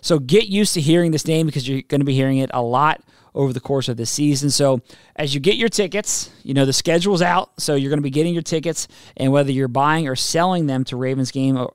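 A man's voice: a little high, a little fast, clear, resonant tone, dry recording, studio quality. A man co-hosting a sports podcast, reading sponsor spots and teasing his partner in casual banter. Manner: reads ad copy, teasing, laughs often. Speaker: podcast co-host.

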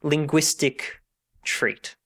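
A man, dropping deadpan quips in a casual chat. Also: a little high, drawn-out words. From Australia.

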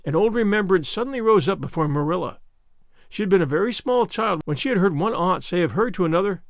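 A man giving expressive, measured scripted narration of a classic novel. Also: sits high, creaky, dry recording, clean studio sound. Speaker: audiobook narrator.

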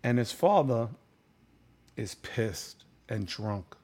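A man's voice: medium pitch, takes it slowly. A man, a guest on a conversational show, telling a story casually and with animation. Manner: animated, laughing, lively storyteller.

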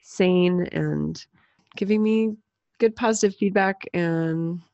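Woman in her thirties, podcast co-host, gravelly, dry close sound, chatty and self-doubting. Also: on the low side, takes it slowly, mellow, no echo, lo-fi sound. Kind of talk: casual chat.

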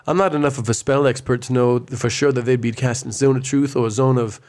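A man in a tabletop game, questioning a witness like a defense lawyer, halting and playful with many restarts. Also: mid-range voice, fairly even intonation, a little mellow. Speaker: player acting as defense lawyer. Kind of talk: tabletop role-play, mock courtroom questioning.

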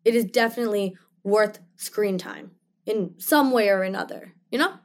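A woman's voice: mid-range voice, normal speed. A young woman, an actress, speaking passionately in an interview, emphatic and full of "like" and "you know". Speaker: actress guest. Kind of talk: interview conversation.

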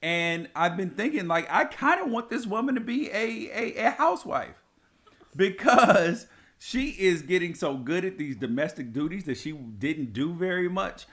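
A man's voice: high-pitched, lively intonation, unhurried, fairly bright tone. A young man, co-host of a couple's chat show, talking in a playful, affectionate, easygoing way about his wife. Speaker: co-host, husband.

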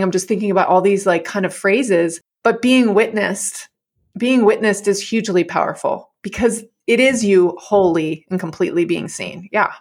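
A woman's voice: mid-range voice, normal speed. A woman talking frankly and animatedly in a casual chat, often with a laugh in her voice.

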